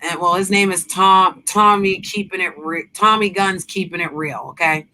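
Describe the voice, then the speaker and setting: A woman's voice: fairly low pitch, fairly even intonation, normal speed, sharp tone, slight background noise. A woman host in a casual chat, telling a heated story bluntly with profanity.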